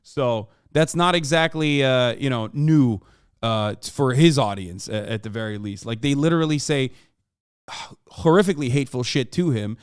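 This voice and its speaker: A man in his thirties talks through a live reaction stream in a smooth, resonant voice, recorded dry and close with no room sound. He rambles with plenty of fillers and restarts, swears freely and flares up now and then in loud exasperation. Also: mid-range voice, moderate pace, no echo. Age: 30s. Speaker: streamer and political commentator. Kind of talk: casual reaction-stream commentary.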